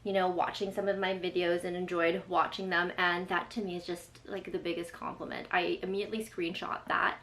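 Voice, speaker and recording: A woman's voice: fairly low pitch, little pitch movement, a little fast, hardly any pauses, a bit bright. Young woman vlogger, effusive and chatty, recorded in a roomy space. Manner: gushing, emotional, chatty with many fillers. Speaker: lifestyle vlogger. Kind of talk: excited unboxing chat. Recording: echoey room with faint ambience.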